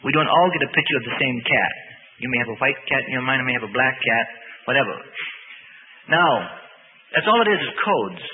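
A man's voice: medium pitch, expressive, brisk, long reverb tail, slight background noise. Man preaching over a tinny radio broadcast. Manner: folksy, rambling, with many fillers. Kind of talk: sermon.

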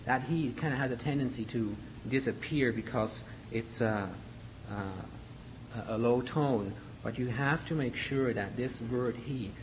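A man directing a choir rehearsal, giving patient, halting instructions on how to sing each line. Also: mid-range voice. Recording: dull lo-fi recording with faint noise.

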